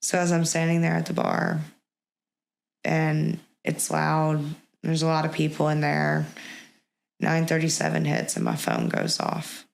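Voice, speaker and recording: Gravelly woman, halting and reflective. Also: deep voice, animated. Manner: halting, reflective, with many pauses and restarts. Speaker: podcast guest. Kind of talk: personal storytelling in an interview.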